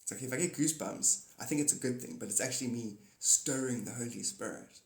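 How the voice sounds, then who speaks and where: Mid-range and quick with vocal fry, a man chats on a phone live stream with a roomy sound. He's playful and meandering, greeting viewers by name between ideas and breaking into silly singing and greetings.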